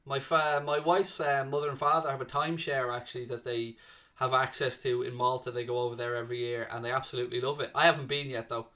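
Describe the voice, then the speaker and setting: Calling the action live for fellow fans, this young watchalong host gets excited and chatty, pausing to read viewers' messages out loud. He speaks at a quick pace with a medium-pitched voice.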